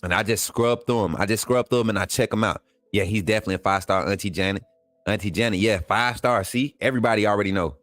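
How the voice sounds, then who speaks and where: An excitable man hosting a sports livestream, talking straight to his viewers and reading their chat. He repeats phrases and uses casual slang. The sound is dry and close, with faint music underneath. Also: fairly low pitch, quick pace, no echo. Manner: excitable, hypes players, talks straight to viewers. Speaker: sports channel host.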